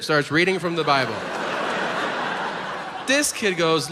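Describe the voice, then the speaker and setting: On a comedy venue stage, a man performs stand-up, telling profane stories in an animated way and acting out the voices of the people in them. His fairly high voice moves at a moderate pace. The live club mic picks up hall reverb and audience noise.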